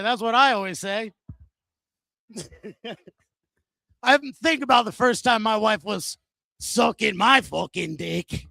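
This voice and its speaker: A man's voice: high-pitched, takes it slowly, creaky, long pauses, bright, forceful tone, dry recording. A man in his thirties doing a stand-up comedy set on a venue stage into a handheld mic, with crude, self-mocking, punchy delivery.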